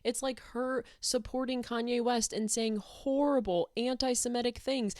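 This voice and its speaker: A woman's voice: a little high, fairly even intonation, normal speed, a little mellow, dry recording, clean studio sound. A woman delivering a heated, sarcastic rant to camera, blunt and swearing often. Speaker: YouTube commentator.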